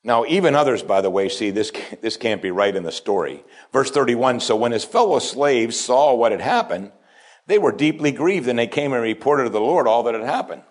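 A man preaching to his congregation in a mid-pitched voice. He moves between low, hushed asides and raised, insistent points, pressing each idea home. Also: animated, a little fast. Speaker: pastor. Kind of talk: sermon.

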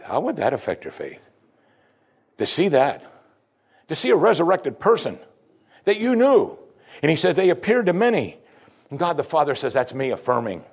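A male pastor preaches in a lively, expressive, slightly breathy voice whose pitch swings widely. He animates his sermon by acting out the people he quotes, moving from loud passages down to a hush for dramatic moments.

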